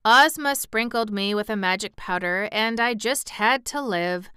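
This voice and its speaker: A woman's voice: medium pitch, unhurried, sharp tone, smooth, no echo, studio quality, voice pushed up. A woman voicing an earnest, mildly proud male sawhorse made of wood. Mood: humble.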